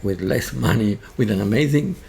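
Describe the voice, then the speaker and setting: A man with a Spanish accent, a guest telling a halting, animated story in an interview. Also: lowish voice, gravelly. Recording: faint background noise.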